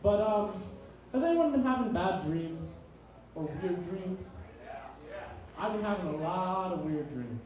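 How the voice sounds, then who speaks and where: A man's voice: high voice, expressive, unhurried, darkish tone. A young man in his twenties doing a rambling, profane stand-up set in a small comedy venue. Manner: rambling, profane, self-deprecating storytelling. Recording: very echoey room, distant mic.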